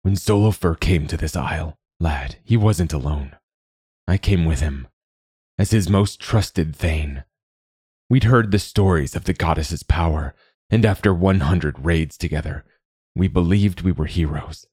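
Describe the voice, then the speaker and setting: A man voicing a weary, gruff but kind old male swordsman, speaking in a low murmur in a storybook reading. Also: a little slow, darkish tone, no room sound, studio quality.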